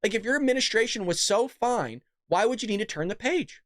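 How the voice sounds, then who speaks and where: A man's voice: high-pitched, lively intonation, a little fast, fairly bright tone, dry recording, clean studio sound. Sarcastic man hosting a commentary podcast. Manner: sarcastic, mocking, chatty. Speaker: podcast host. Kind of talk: political commentary.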